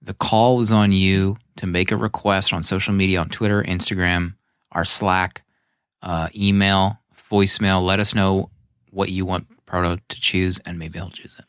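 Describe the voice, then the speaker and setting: A man's voice: sits low, moderate pace, clean tone, no room sound, clean studio sound. A man co-hosting a podcast, reading out announcements and listener voicemails with easy laughter. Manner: laughs easily, relaxed announcer tone. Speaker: podcast co-host. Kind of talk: casual chat, reading show notes and voicemails.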